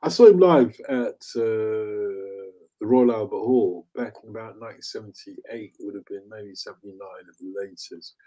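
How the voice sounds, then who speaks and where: A man's voice: on the low side, normal speed, warm tone, rough recording. A man in his sixties co-hosting a casual, opinionated chat about old chart songs, laughing easily. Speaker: radio co-host.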